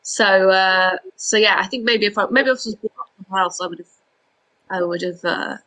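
Bright-voiced Scottish woman with light accent. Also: medium pitch, fairly quick, rough recording. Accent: light Edinburgh Scottish. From Scotland, Edinburgh. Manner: chatty, self-deprecating, many restarts. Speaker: comedian guest. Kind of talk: casual podcast chat.

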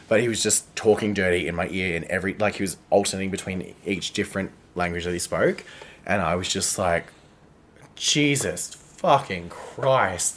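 A man's voice: low voice, slight background noise. A young Australian man co-hosting a podcast, chatting frankly with many "like" fillers. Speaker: podcast co-host. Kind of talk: casual chat.

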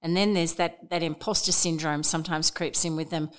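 Female podcast host, slightly low, smooth resonant voice, measured and thoughtful. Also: steady tone. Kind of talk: podcast interview.

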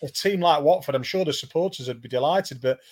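A man's voice: fairly high pitch, fairly quick, darkish tone. A man co-hosting a casual football discussion, sharing opinions with hesitant starts and repeated words. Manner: hesitant, repeats words before getting going. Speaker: co-host and football pundit.

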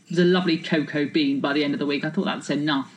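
A woman chats in a lively, self-mocking way, spinning anecdotes with a slightly low voice. Her talk rambles happily from one story to the next. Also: very fast, low-quality recording. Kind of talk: casual chat.

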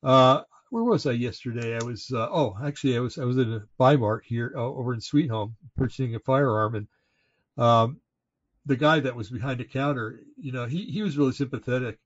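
Brisk and medium-pitched, this Oregon-born American co-host of a casual political talk show rants with indignation, repeatedly restarting and using lots of fillers. The audio is lo-fi and slightly dull.

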